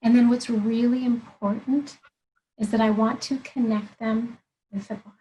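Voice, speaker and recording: Woman, life coach, interview guest; earnest, methodical explainer, slightly high voice. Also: steady tone, normal speed, warm tone, slight background noise, low-quality recording. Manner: earnest, explanatory, walks through points one by one. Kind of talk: interview conversation.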